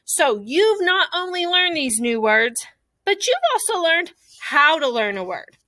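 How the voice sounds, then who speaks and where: A woman's voice: sits high, sing-song, pushed and bright, dry recording. A young woman teaching an online phonics lesson to small children, cheerful and encouraging. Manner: cheerful, encouraging, speaks slowly to little kids. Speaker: kindergarten teacher.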